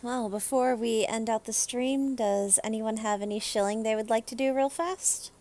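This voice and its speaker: A woman hosting a tabletop game stream, wrapping up with relaxed, easygoing announcements. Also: a little high, normal speed. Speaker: stream host. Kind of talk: casual sign-off chat.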